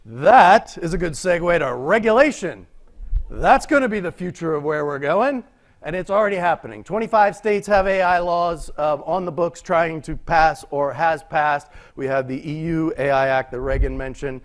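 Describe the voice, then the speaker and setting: A man presents at a conference, using a slightly higher-than-usual voice. He talks in a loose, conversational way and keeps tossing rhetorical questions to the room. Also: normal speed. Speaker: conference speaker. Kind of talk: conference talk. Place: lecture room.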